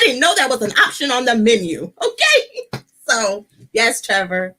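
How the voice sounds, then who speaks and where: A woman from the United States chats casually as a co-host, giggling often and breaking into squeals when something excites her. Her voice is bright and a little husky, and it swoops widely up and down. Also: on the high side, measured pace. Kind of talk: casual chat.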